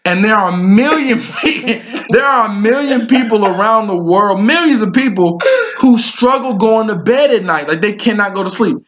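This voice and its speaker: A man co-hosting a podcast with his wife, telling funny stories about her in an animated, laughing way. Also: high-pitched, normal speed, hardly any pauses. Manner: animated storytelling, laughing a lot. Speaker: podcast co-host. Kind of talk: joking married-couple chat.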